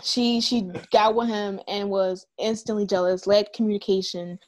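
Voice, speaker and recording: A woman co-hosting a podcast, chatting casually and ranting in an animated way, with lots of swearing and acted-out quotes. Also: mid-range voice, normal speed. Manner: animated ranting with heavy cursing. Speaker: podcast co-host. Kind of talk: casual chat.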